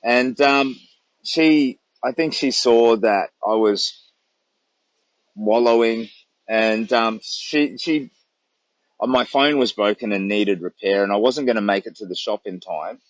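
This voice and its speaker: A man's voice: fairly low pitch, a little slow, dry recording, lo-fi sound. Australian man telling stories from his bush camp. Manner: rambling, warm storytelling with laughs. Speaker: charity walker livestreaming. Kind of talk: casual livestream chat. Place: camped outdoors in the bush. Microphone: phone livestream.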